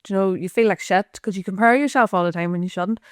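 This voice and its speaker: A woman's voice: mid-range voice, quick pace, clear, resonant tone, no room sound, studio quality. A woman, a podcast guest chatting candidly, swearing freely and laughing often. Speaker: podcast guest, social media creator. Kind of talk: candid casual chat.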